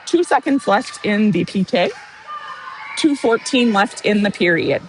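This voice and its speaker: A woman calling play-by-play for a youth hockey game, excitable and openly rooting for her team. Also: medium pitch, measured pace, a little hiss or hum, rough recording. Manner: excitable, partisan, apologizes for getting worked up. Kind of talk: amateur youth hockey commentary.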